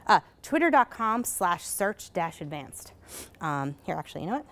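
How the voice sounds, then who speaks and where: A woman giving a conference presentation in a casual, hurried way, full of fillers and asking "right?" as she goes. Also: on the low side, very animated, a bit bright. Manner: casual, many fillers, rhetorical "right?" tags; hurried, self-correcting. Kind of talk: live presentation. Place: conference session.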